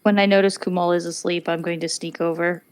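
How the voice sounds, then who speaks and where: A woman playing a tabletop game, describing her character's actions in halting, casual speech. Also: fairly low pitch, level tone, clean tone. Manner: halting, filler-heavy. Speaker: player.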